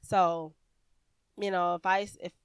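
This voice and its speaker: A woman's voice: lowish voice, little pitch movement, a little slow, smooth, no echo. An American woman hosting a podcast, giving casual voiceover advice in a chatty, rambling way with many fillers and restarts. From United States. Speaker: podcast host. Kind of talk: casual instructional podcast talk.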